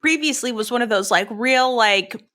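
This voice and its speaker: Bright, higher-voiced woman co-host. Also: moderate pace. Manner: chatty, giggly, descriptive. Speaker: podcast co-host. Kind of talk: casual chat recapping a TV episode.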